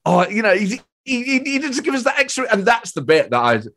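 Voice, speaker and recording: A British comedian appears as a guest in a casual chat, telling an animated anecdote while acting out quotes and swearing freely. His voice is very high-pitched and a little fast.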